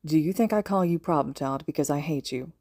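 A woman doing a low, quiet, weary male teacher. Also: fairly quick, dry recording, clean studio sound. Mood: gentle, serious. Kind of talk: fan audiobook reading.

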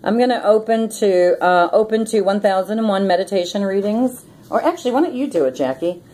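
Giggly, mellow-voiced woman vlogger. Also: medium pitch, brisk, poor audio. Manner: giggly, breaks into laughter often; chatty, rambling with many ums. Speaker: host of a prayer and meditation channel. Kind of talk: casual spiritual vlog with prayer and reading.

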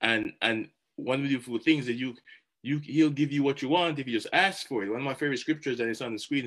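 A man giving a motivational talk, animated and chatty, often repeating words as he goes. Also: medium pitch, quick pace. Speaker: motivational speaker.

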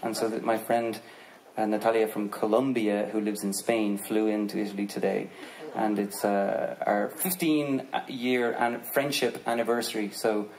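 A man with an Irish accent telling a joking, relaxed story to an audience between songs at a live outdoor concert. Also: on the low side, normal speed, few pauses, rough recording. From Ireland. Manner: relaxed, joking, chatty, swears casually. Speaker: singer on stage. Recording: live concert recording with crowd noise. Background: audience crowd murmur.

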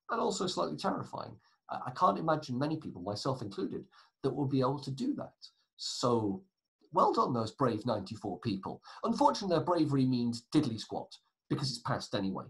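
A man's voice: medium pitch, very animated, brisk, gravelly, breathy edge, poor audio. A man teaching a recorded history lesson, chatty, with asides and self-corrections.

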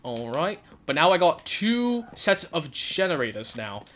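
Excitable young man narrating his game. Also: on the high side, a little slow. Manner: excitable, talks to himself, yells and laughs under pressure. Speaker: gaming YouTuber. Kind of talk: gameplay commentary.

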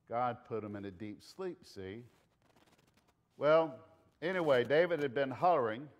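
Animated Southern US male preacher. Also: on the high side. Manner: animated storytelling, acting out voices with loud shouts and hushed asides. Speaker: pastor. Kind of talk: sermon.

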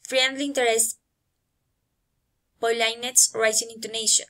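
A woman reading pronunciation drills aloud, placing each word slowly and carefully. Her voice sits a little high. The reading is steady and deliberate. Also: poor audio. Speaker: English learner.

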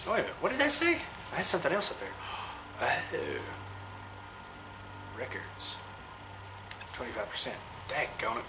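A man giving chatty, excitable let's-play commentary, cooing at the creatures he meets. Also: mid-range voice, normal speed, long pauses, background noise. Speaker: gamer.

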